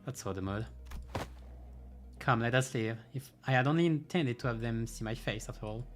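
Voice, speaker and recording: A man's voice: mid-range voice, moderate pace, slight background noise. A man playing through a game's story, reading the dialogue aloud and breaking off for dry, sarcastic asides. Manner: dry, sarcastic asides between read lines. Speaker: game streamer.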